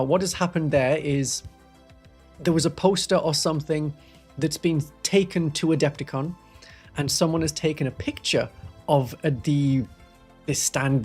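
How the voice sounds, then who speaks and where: Husky man with a softened Northeast English accent. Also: on the high side. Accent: toned-down Northeast English. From Northeast England. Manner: chatty, wry, rambling asides. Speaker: Warhammer streamer. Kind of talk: live stream chat answering viewers. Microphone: studio microphone.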